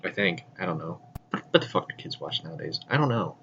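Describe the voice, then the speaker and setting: A man's voice: deep voice, animated, fairly quick, vocal fry, a bit bright, highs cut off, a little hiss or hum. A man rambling casually through news and geek topics, loose and profane, with frequent restarts. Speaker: vlogger.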